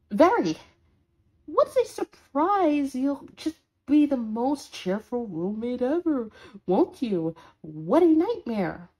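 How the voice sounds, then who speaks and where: Woman voicing a sarcastic demon girl for a listener role-play; a highish voice, scolding and dramatic. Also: dark tone, exaggerated voice. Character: sarcastic horned female demon, bratty and scolding.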